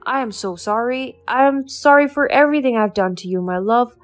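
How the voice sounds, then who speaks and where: A woman's voice: fairly high pitch, unhurried, soft background music, lightly acted. A woman reading as a remorseful man begging forgiveness. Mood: pleading. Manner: pleading, tearful.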